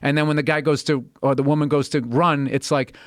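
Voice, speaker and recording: A man who is a guest comedian, ranting in casual podcast chat, animated and profane, and slipping into mocking voices. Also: fairly high pitch, quick pace, dry recording, clean studio sound.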